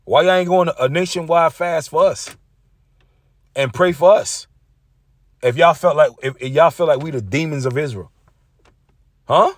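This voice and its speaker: A man's voice: a little high, moderate pace, pauses often, dry recording. A man preaching combatively, reading scripture aloud and mocking rival preachers. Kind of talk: street-preacher sermon video.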